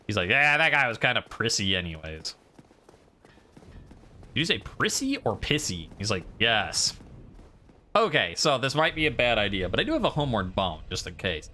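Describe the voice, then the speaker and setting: A male game streamer talks through his playthrough in a casual, rambling way, often stopping himself and poking fun at his own stumbles over words. His voice is bright and forceful, set a little low for a man. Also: big pitch swings, a little fast. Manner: rambling, self-deprecating. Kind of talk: casual gameplay commentary.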